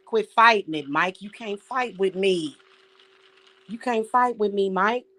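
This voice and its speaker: A woman's voice: mid-range voice, a little slow, sharp tone. A woman vlogger delivering an angry, profane rant straight at someone, repeating her words as she talks. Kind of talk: angry direct-address rant.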